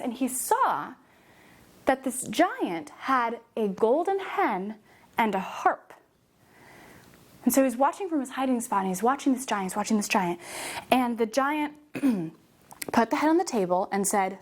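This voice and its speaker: A young woman teaching a children's movement storytelling class, giving animated, coaxing, sing-song instructions. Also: fairly high pitch, slow, pauses often. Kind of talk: guided movement storytelling for kids.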